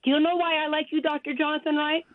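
A woman's voice: sits high, level tone, fast, no room sound. A woman in her fifties calling in to a radio show by telephone, rambling and chatty, laughing as she talks. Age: 50s. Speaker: caller. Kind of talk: call-in radio chat. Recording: tinny phone line.

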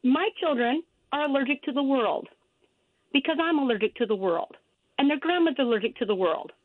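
A woman's voice: sits high, lively intonation, fairly quick, no room sound. A woman in her fifties calling in to a radio show by telephone, rambling and chatty, laughing as she talks. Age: 50s. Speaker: caller. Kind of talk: call-in radio chat. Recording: tinny phone line.

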